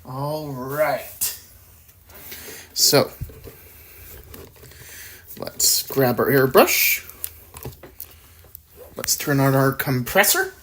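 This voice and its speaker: A woman's voice: a bass voice, sing-song, extremely slow, long pauses, fairly bright tone, slight background noise. A woman hosting a casual miniature painting tutorial, laid-back and thinking aloud, with frequent chuckles. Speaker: miniature painting channel host.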